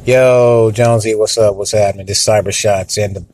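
A man from Florida calling in to a podcast, trading loud joking banter with a friend. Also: lowish voice, fairly even intonation, brisk, noisy background. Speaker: caller. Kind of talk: casual voicemail banter.

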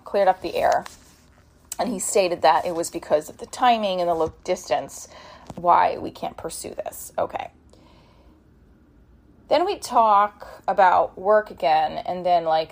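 A woman's voice: lowish voice, a little mellow. A young woman frankly recounting a painful relationship, heated and swearing, with many restarts. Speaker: vlogger telling about a relationship. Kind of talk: emotional personal storytelling.

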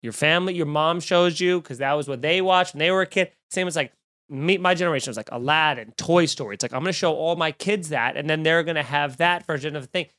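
A man's voice: fairly high pitch, fast talker, a bit bright, no room sound. Profane ranting young man, dry close sound. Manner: profane, exasperated, rambling with many fillers. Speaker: podcast host. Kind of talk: comedic rant.

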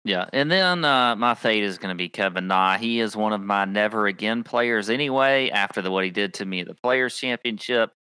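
A man's voice: lowish voice, a little fast, few pauses, sharp tone, clear, resonant tone, no room sound. A man co-hosting a podcast, chatting in an easygoing way and reading off statistics. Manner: easygoing, reads off stats. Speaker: podcast co-host. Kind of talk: casual fantasy sports chat.

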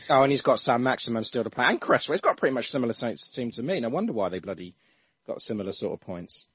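A man's voice: medium pitch, animated, fast talker, a bit bright, slightly rough, no room sound, lo-fi sound. A man hosting a casual football podcast, chatting with frequent restarts. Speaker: podcast host.

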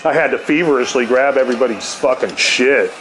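Middle-aged philly dude rambling a crude story, cusses a lot, laughs a bunch, mid-pitch voice. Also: male voice, a little fast, fairly bright tone, slight background noise, low-quality recording. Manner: profane, rambling, laughs often. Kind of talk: casual anecdote.

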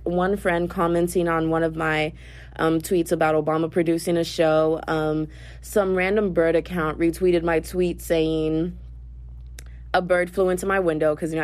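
A young woman with a twang rambles through her day in a casual voice-note podcast. Her voice sits on the lower side and the phone recording sounds dry and close, with no room around it. She gushes and gets carried away as she talks. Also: no echo. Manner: chatty, excitable, gushing storyteller. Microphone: phone voice memo.

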